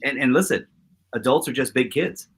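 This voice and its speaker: A man's voice: mid-range voice, moderate pace, husky. A man co-hosting a casual talk show, speaking emphatically and acting out quotes from his stories. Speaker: co-host. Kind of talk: casual chat.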